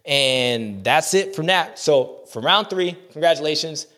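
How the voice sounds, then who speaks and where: A man's voice: fairly high pitch, lively intonation, unhurried, fairly bright tone. Playful slangy man rambling recap. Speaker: show host. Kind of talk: casual rambling recap monologue.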